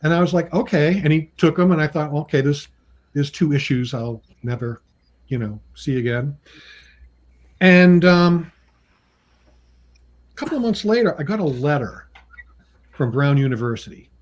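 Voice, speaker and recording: Expressive and moderately paced, with long pauses, a comic book writer and artist tells casual stories as a guest. He's chatty, breaks into laughter often between remarks, and mimics what people said to him through jumps in pitch.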